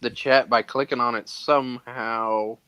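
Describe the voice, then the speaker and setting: Male co-host, bright tone, relaxed teasing banter, mid pitch. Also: measured pace, clean tone, no echo. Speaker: co-host reading the chat. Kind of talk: casual live stream chat.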